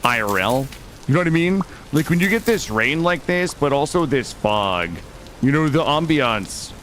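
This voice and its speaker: Animated joking male game streamer. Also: a little high, moderate pace, slight background noise. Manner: jokey, profane, chatty, talking to chat. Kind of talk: casual live gameplay commentary. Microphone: studio dynamic mic.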